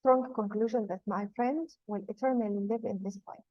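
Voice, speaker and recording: A woman's voice: medium pitch, fairly even intonation, fairly quick, no echo. A woman teaching a poetry lesson, patiently explaining terms and repeating key points. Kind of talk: classroom lesson. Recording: dull lo-fi sound.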